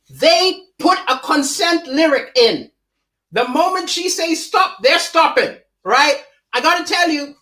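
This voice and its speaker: A man with a slight lisp hosts a live-streamed comedy show from his home. He talks in an animated, chatty way, riffing on songs and reading viewer comments aloud. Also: very high-pitched. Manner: animated, reads viewer chat aloud and riffs. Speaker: comedian hosting a livestream.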